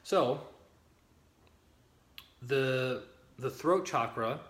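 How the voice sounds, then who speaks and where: A man with a mid-range voice leads a spiritual teaching session in a relaxed, conversational way. He reads passages aloud, stops to greet people by name, and keeps asking whether they follow. The sound carries a roomy echo. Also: mid-range voice, drawn-out words. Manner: conversational, greets viewers by name, checks in with "okay?" and "right?". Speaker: spiritual teacher leading a group. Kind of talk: informal livestream teaching, reading aloud from a book.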